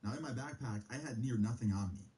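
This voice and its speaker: A man's voice: medium pitch, fast, dark tone, rough recording. A young man telling a personal story in a heated, casual way, swearing freely. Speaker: streamer.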